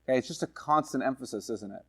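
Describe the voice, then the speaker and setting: A male pastor teaching through a Bible passage in a conversational way, reading verses aloud slowly and then explaining them while often checking in with "right?" and "okay?". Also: medium pitch, fairly bright tone. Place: church.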